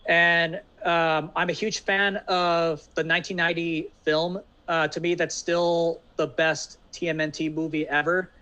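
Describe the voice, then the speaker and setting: A man's voice: on the high side, level tone, unhurried, hardly any pauses, pushed and bright, clear, resonant tone. A man co-hosting a casual podcast, chatting with enthusiasm and many fillers. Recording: dull lo-fi audio.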